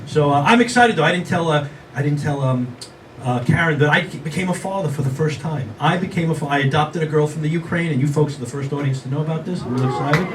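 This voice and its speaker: An older man performing a stand-up comedy set for a live audience, wisecracking and self-deprecating with quick asides to the crowd. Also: a little high. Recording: distant room sound with noticeable background noise.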